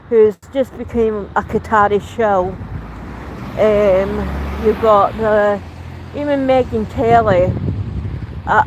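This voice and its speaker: A Scottish woman livestreams as she walks along the street and through shops, chatting in a meandering way and trailing off mid-sentence. Her medium-pitched voice comes through a rough recording full of street noise and passing traffic.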